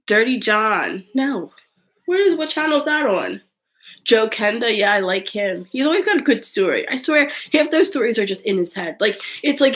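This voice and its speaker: A young woman hosting a casual live stream, rambling through chat comments with lots of "like" and frequent laughter. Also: on the high side. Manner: chatty, rambling, heavy use of "like", frequent laughs.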